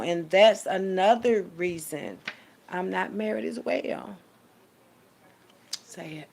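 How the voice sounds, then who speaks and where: A woman's voice: medium pitch, creaky. A woman talking casually and rambling to her viewers, reading aloud. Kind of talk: casual monologue.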